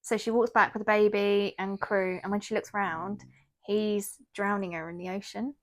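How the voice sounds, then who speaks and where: A woman's voice: mid-range voice, fairly even intonation, normal speed. A woman, casually retelling a novel's plot on a podcast and quoting its characters. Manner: chatty retelling, quotes characters. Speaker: podcast co-host. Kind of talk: casual book chat.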